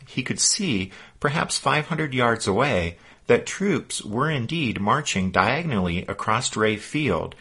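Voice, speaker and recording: A man reading scripted historical narration in a measured storytelling manner. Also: on the low side, a bit bright, slightly rough.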